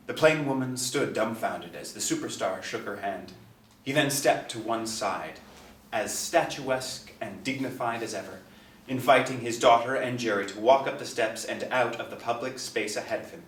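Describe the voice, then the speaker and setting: Man, novel narration, low voice, echoey room, distant mic. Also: moderate pace, a bit bright. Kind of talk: novel reading.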